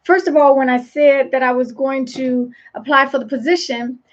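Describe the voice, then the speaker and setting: A high-pitched woman gives a live motivational talk as a leadership coach, emphatic and preachy, repeating phrases for weight. Her tone is steady at a moderate pace, and the sound is dull and lo-fi.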